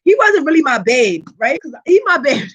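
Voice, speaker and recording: High-voiced woman, vlog host, animated profane storyteller, keeps checking in with viewers. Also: moderate pace. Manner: frequent rhetorical check-ins to viewers. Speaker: tarot reader and channel host.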